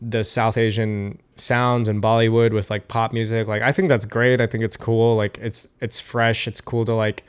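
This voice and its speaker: A man's voice: on the low side, flat delivery, moderate pace, few pauses, smooth. A man as a podcast guest, chatting casually and thoughtfully, with many restarts and fillers.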